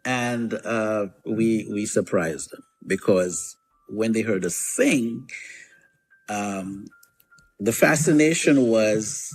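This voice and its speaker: A man's voice: on the low side, animated, slow pace, breathy edge, faint music behind. A man hosting a radio show, chatting casually and rambling through memories with lots of fillers and restarts. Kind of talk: casual storytelling chat.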